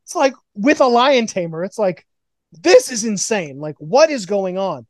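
Over a video call, a podcast host with a high-pitched, slightly slow voice and no room sound riffs on fantasy booking. He rambles and swears, telling stories animatedly with mock quotes.

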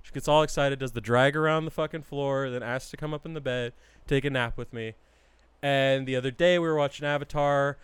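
A young man chatting casually with friends, telling animated stories, swearing often and acting out what his dog thinks. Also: mid-range voice, fairly quick, clear, resonant tone, no echo. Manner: animated storyteller, swears a lot, acts out a dog's thoughts. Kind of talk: casual chat.

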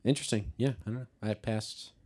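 A man's voice: fairly low pitch, steady tone, a little fast, a little mellow. A young man chatting on a home podcast, telling stories and acting out his own thoughts, sometimes dropping almost to a whisper. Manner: storytelling, acts out his own thoughts, drops to a near-whisper. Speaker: podcast co-host. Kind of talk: casual chat.

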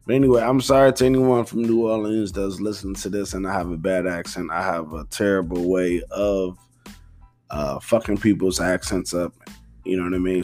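A man's voice: deep voice, a little mellow. A young man telling a rambling story in a casual monologue, slangy and profane, laid-back.

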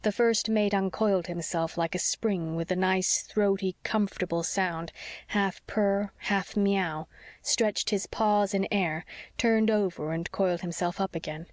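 A woman narrating a classic novel as an audiobook, in a calm, measured storytelling voice. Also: mid-range voice, dry recording. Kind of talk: scripted narration.

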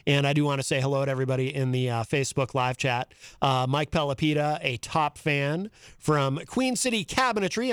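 A man's voice: fairly high pitch, clear, resonant tone, dry recording, clean studio sound. A man hosting a casual radio talk show, reading out chat messages and chuckling between them.

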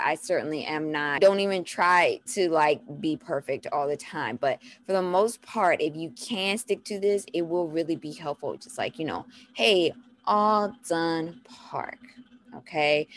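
Woman, mom vlogger, casual and animated, lower-pitched voice, repeats simple phrases. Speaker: mom giving parenting tips. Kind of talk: casual talk to camera.

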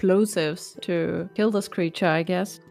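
A woman's voice: lowish voice, steady tone, unhurried, creaky, a little mellow, soft background music. A woman playing a tabletop game, speaking thoughtfully and with some hesitation. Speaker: player. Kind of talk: casual tabletop game chat.

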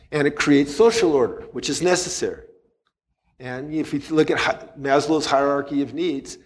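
A man speaking as a psychologist guest in a casual conversation, loose and candid, swearing freely and laughing at himself. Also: mid-range voice.

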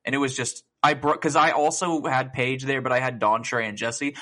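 A man co-hosting a gaming podcast, chatting casually, excitable and swearing a lot as he rambles through stories. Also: medium pitch, normal speed, hardly any pauses. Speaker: podcast co-host. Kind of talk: casual chat.

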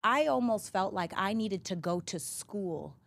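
A woman guest on a podcast, talking candidly in animated, emphatic bursts with frequent restarts. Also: medium pitch, unhurried, gravelly. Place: podcast studio. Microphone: studio podcast mic. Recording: dry close studio sound.

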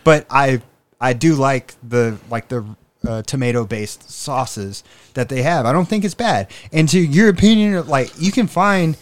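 A man's voice: mid-range voice, unhurried, no room sound. Chatty man full of fillers. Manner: chatty, filler-heavy, swears casually. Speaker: podcast host. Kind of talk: casual chat.

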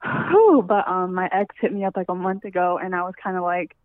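A woman's voice: fairly low pitch, brisk, smooth, dry recording. Breathless woman caller on a tinny phone line. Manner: rambling, filler-heavy, apologetic. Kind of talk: casual phone call.

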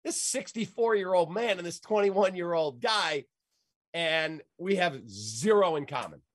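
A middle-aged man from the Chicago area tells a story in casual conversation, lively and acting out the voices of the people in it. His voice is high-pitched and a little slow, recorded in clean studio sound with no echo.

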